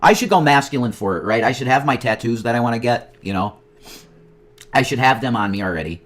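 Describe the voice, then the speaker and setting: A man talks at a medium pitch in a loose, rambling livestream chat. He swears constantly, gets worked up, then drops to muttered asides under his breath. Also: a little fast. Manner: profane, excitable, nostalgic rambling; swings between loud outbursts and muttered asides. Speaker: streamer.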